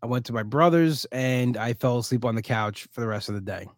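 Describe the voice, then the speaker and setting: A man hosting a casual solo podcast, sounding exhausted and low on energy. He rambles through his story with restarts, then turns animated whenever he quotes someone. His voice sits at an average pitch and is recorded dry and close, with no room sound. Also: brisk, no room sound. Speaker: podcast host.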